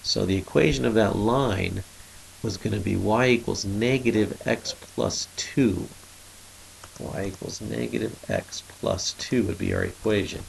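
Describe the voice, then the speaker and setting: Gravelly-voiced man teaching math. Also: fairly low pitch, a little slow, slight background noise, poor audio. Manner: steady explaining, thinking aloud while drawing. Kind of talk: screencast math lesson.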